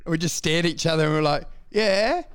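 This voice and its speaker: Man, high voice, comic podcast host, crude, animated, swearing. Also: racing, clean tone. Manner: animated, swears constantly, acts out quotes in raised voice. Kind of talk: crude casual banter.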